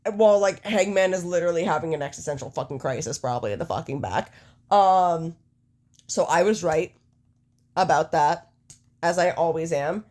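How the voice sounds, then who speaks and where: Profane, animated woman podcast co-host. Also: fairly low pitch, brisk. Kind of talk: casual chat.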